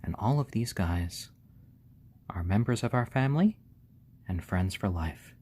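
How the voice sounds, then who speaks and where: A man hosting a casual live stream, talking gently and fondly to his baby chicks and thanking viewers. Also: on the low side, lively intonation, measured pace, slightly rough. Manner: gentle, doting, talks softly to the chicks.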